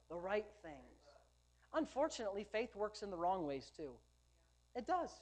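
A woman pastor preaching a sermon, rhythmic and emphatic, with lighthearted asides to the congregation. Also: medium pitch.

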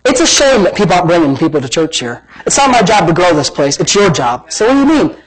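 On a rough recording, a husky, high-voiced man preaches quickly and with great animation. As pastor, he hammers home repeated lines and acts out imagined conversations, finishing with a prayer and an altar call.

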